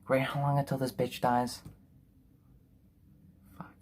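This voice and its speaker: A man's voice: medium pitch, little pitch movement, slow, a little mellow, slight background noise. A man reviewing a film in a sarcastic, profane, exasperated rant. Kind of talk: ranting film review commentary.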